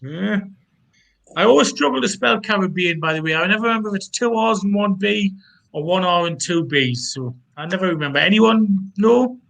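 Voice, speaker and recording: A man's voice: high voice, expressive, moderate pace, vocal fry, a bit bright. A man with a Geordie accent hosting a pun contest, chatty and teasing, with self-mocking banter. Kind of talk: casual banter.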